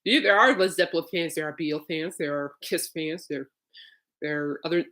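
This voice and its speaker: A woman's voice: deep voice, normal speed, fairly bright tone. A woman hosting a podcast in casual, rambling chat, laughing often. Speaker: podcast host.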